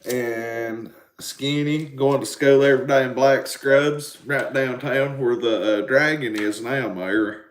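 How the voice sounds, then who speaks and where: A man's voice: mid-range voice, fairly even intonation, a little slow, a little hiss or hum. A man in his forties with an Appalachian accent, rambling and swearing in casual live-stream chat with his viewers. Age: 40s. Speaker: livestream host. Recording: roomy echo.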